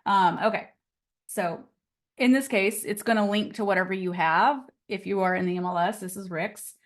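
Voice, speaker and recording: A chatty, upbeat woman leads a casual online class on real estate and laughs often as she walks through the steps. Her voice sits at a middle pitch and comes over a computer mic on a video call. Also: moderate pace.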